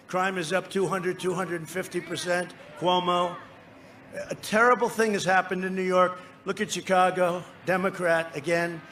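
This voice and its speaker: A man with a high, slightly bright voice delivers a boastful, rambling campaign rally speech, bantering with the crowd from the stage. He is a political speaker at an outdoor rally before a large crowd, with slight background noise.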